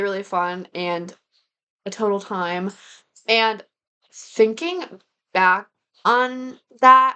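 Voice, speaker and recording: A woman's voice: mid-range voice, sharp tone, clear, resonant tone. Young woman vlogger, casual and rambling, filler-heavy recap chat. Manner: chatty, rambling, lots of "like" and "um". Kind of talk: casual monthly recap vlog.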